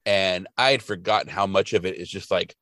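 A man's voice: low-pitched, brisk, no room sound. A man co-hosting a podcast, retelling an episode casually and acting out the quotes. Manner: animated storytelling, acting out quotes. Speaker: podcast co-host.

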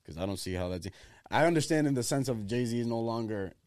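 A man's voice: medium pitch, lively intonation, fairly quick, darkish tone, no room sound, clean studio sound. Laid-back slang-talking man. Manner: laid-back, argues his points with slang. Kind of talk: casual chat.

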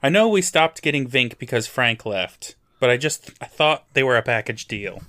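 A man's voice: medium pitch, animated, moderate pace, sharp tone, no echo. A man guesting on a casual podcast, playfully opinionated. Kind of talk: casual chat.

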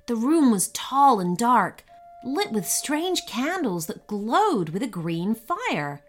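A woman narrating a children's story with an expressive, unhurried reading. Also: on the high side, soft background music.

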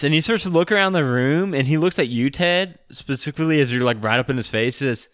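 A man's voice: on the high side, fast, few pauses, fairly bright tone, clear, resonant tone, dry recording. Young man rambling as game master. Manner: casual, full of fillers like "like" and "uh". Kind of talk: narrating a tabletop game.

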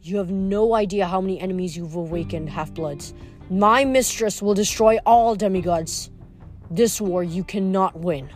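A woman reading aloud, voicing a cruel male storm spirit villain who hisses and shouts threats. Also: medium pitch, normal speed, soft background music, lightly acted. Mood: menacing.

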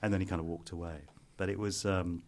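A middle-aged man telling lively anecdotes in a casual chat, acting out the people he quotes. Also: low-pitched, quick pace. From Britain. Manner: animated storyteller, acts out quoted people. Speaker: guest.

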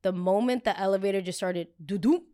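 A young woman in her twenties hosting a podcast, telling a story in a candid, animated way and swearing freely. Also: medium pitch, fairly quick. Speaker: podcast host. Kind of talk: casual confessional storytelling.

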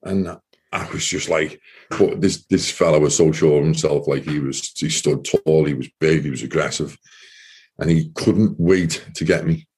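Appearing as an interview guest, a man tells a personal story in a casual, rambling way, often dropping "you know." His bass voice is husky and darkish, and he speaks at a moderate pace.

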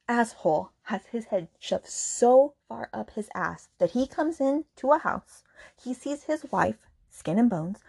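A woman's voice: medium pitch, darkish tone, no echo, clean studio sound. Sarcastic woman ranting about a book. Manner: indignant and sarcastic, many asides to the listener. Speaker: podcast host. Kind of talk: casual book review rant.

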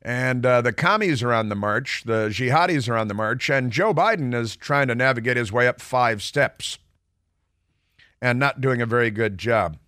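A man's voice: medium pitch, lively intonation, moderate pace, bright, forceful tone, clear, resonant tone, dry recording, clean studio sound. A middle-aged man hosting a radio talk show, delivering opinionated commentary in a combative, mocking way with sarcastic asides. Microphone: studio microphone.

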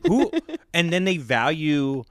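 A man's voice: on the high side, sing-song, takes it slowly, no echo. Joking young male podcast host. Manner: joking, rambling, many fillers. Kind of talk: casual chat.

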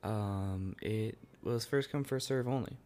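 A man's voice: lowish voice, takes it slowly, darkish tone. A man, co-hosting a podcast, talking in a laid-back, slangy way with dry asides. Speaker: podcast co-host. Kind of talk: casual chat.

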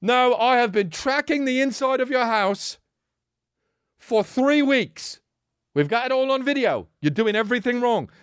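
A man's voice: extremely high pitch, animated, measured pace, smooth, dry recording, clean studio sound, voice pushed up. A man doing a bossy celebrity chef. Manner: bossy, barking commands.

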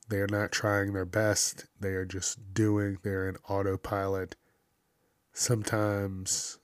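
Swearing, ranting man with a low voice. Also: no echo, studio quality. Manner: ranting, sarcastic, swears constantly. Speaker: news commentary host. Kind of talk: profane casual news rant.

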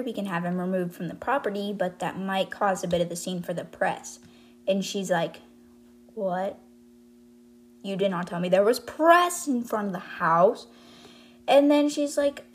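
Young woman, podcast host, casual book recap, filler-heavy, mid pitch. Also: husky. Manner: chatty, filler-heavy retelling with quoted dialogue. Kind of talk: casual book recap reading passages aloud.

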